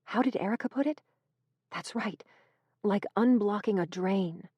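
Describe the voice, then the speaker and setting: A woman's voice: mid-range voice, unhurried, dark tone, husky, dry recording, dull audio. A woman reading an audiobook gives voice to a wounded young woman with a dry, sarcastic wit. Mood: wry. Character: injured young woman, wry and stubborn.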